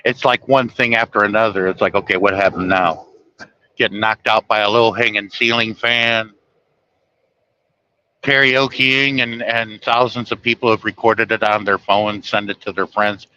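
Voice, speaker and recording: A middle-aged man from the United States tells rambling stories in a bright, forceful voice, chuckling often and livening up when he quotes people. The sound is a bit dull and lo-fi. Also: fairly low pitch, normal speed. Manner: chuckling often, animated when quoting others. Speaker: trucker telling stories. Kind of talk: casual storytelling monologue.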